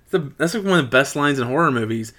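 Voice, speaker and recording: A man in a relaxed podcast chat, walking through a film's story scene by scene. His voice sits at an ordinary middle pitch, and he keeps up an animated, wry running commentary. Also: quick pace, a little hiss or hum. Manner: animated retelling with wry asides. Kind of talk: casual movie recap chat.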